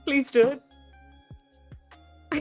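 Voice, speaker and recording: A woman's voice: sits high, a little mellow. A young South African woman hosting a live stream, chatting casually and laughing often while answering chat. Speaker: livestream host. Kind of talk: casual chat, reading out chat comments. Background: faint background music.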